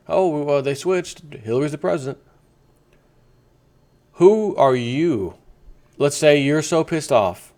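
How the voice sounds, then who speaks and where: A man's voice: medium pitch, darkish tone. Combative man ranting to camera. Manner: combative, fires rhetorical questions; mocking, slips into sarcastic quoted voices. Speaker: political commentary vlogger. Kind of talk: ranting opinion monologue.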